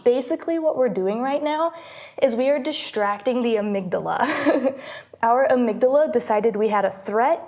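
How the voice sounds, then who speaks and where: A young woman health coach with a mid-range voice guides listeners through a calming movement exercise. She's encouraging, laughs often, and exhales between cues.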